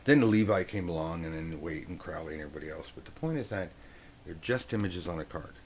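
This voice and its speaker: A man with a fairly low voice runs a casual video lesson on reading tarot cards. He is playful and jokey, breaking into silly voices for the people on the cards. Faint room ambience sits under his voice. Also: a little mellow, slight background noise. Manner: playful, jokey, acts out card characters in quick silly voices. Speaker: tarot teacher.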